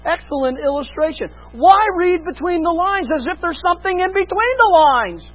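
A preacher giving an expository sermon, emphatic, rising to loud stresses and dropping to hushed lows. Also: animated, moderate pace, muffled recording.

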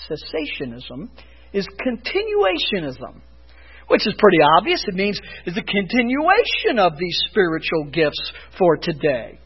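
A man preaching a sermon as pastor, emphatic, rising loud for emphasis and dropping low. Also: slightly rough, lo-fi sound.

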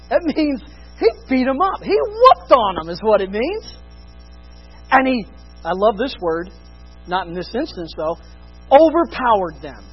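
A preacher giving an expository sermon, emphatic, rising to loud stresses and dropping to hushed lows. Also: big pitch swings, unhurried, long pauses, breathy edge, lo-fi sound, faint music behind.

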